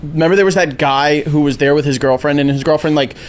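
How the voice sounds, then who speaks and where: A man's voice: fairly high pitch, steady tone, fast talker. A podcast co-host in casual chat, adding jokey comments and his own story.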